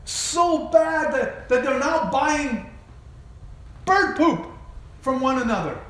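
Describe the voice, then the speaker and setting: A man preaching a sermon, retelling a story in an animated way and putting questions to his listeners. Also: very high voice, slow. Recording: very echoey room.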